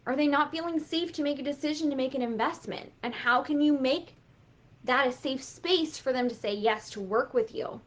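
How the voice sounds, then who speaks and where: A woman business coach giving a casual motivational talk, animated and swearing freely as she acts out quotes. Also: high voice, moderate pace.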